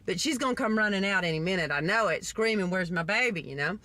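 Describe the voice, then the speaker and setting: Animated, indignant woman telling a story. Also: medium pitch, fast talker. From Texas. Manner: animated, indignant retelling with acted quotes. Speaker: vlogger. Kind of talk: storytelling vlog.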